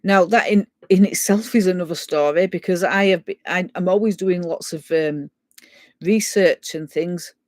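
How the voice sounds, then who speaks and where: A woman telling a ghost story in a casual, animated way, often restarting her sentences. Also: on the low side, moderate pace, no echo. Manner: animated, stumbling restarts, chatty. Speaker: guest sharing a ghost story.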